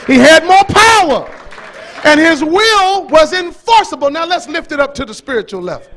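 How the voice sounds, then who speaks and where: A man preaching a fiery sermon, throwing questions to his listeners and rising into shouted bursts. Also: very high-pitched, sing-song, moderate pace, some chatter behind, a little hiss or hum. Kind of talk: fiery sermon with call-and-response.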